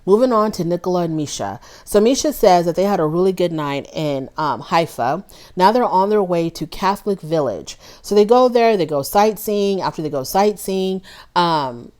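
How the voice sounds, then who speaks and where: A woman's voice: lowish voice, lively intonation, moderate pace, a little mellow. Outspoken woman recapping reality TV. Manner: opinionated, talks straight to the people on the show; chatty with frequent ums and restarts. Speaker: reality TV reviewer. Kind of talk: casual episode recap and commentary.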